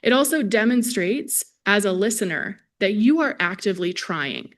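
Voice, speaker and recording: A woman's voice: medium pitch, animated, moderate pace. A woman gives a lecture at a symposium, friendly and conversational as she speaks straight to the people in the hall. She is a speech-language pathologist, and her voice comes through a presenter microphone. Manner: friendly, conversational, addresses audience directly. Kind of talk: conference lecture to a live audience.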